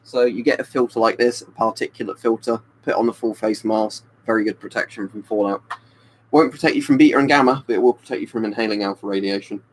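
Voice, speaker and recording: A man's voice: lowish voice, steady tone, fast talker, slight background noise, low-quality recording. Rambling man on a live stream. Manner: rambling, answers chat by name. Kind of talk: casual live stream chat with viewers. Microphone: webcam stream mic.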